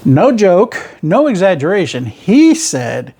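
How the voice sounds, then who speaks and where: A man's voice: sits high, huge pitch swings, takes it slowly, mellow, breathy edge. A middle-aged man with a rural Southern American twang, a truck driver telling his road stories in a rambling, folksy way. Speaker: truck driver and channel host. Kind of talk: casual storytelling monologue.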